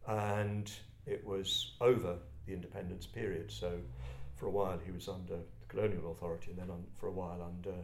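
Older man, English accent, reflective, halting, self-deprecating, echoey room. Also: sits low, flat delivery, creaky, a little hiss or hum. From England, Kent. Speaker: speaker addressing a group. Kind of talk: personal storytelling talk. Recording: roomy echo.

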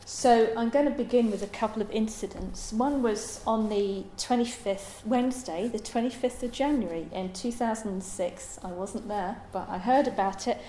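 A woman giving a Buddhist dharma talk in a halting, thoughtful way, with many pauses and ums. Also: on the high side, warm tone, a little hiss or hum. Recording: roomy echo.

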